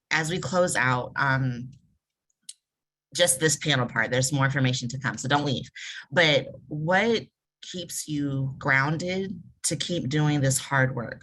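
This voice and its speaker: A woman's voice: extremely low pitch, poor audio. A woman moderating a webinar panel on a video call, speaking in a casual, affirming way. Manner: warm, affirming, casual with fillers.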